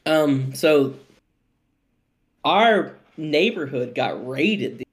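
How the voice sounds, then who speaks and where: Animated young man telling a podcast story. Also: fairly high pitch, drawn-out words. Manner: animated, profane, laughing storyteller. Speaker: podcast co-host.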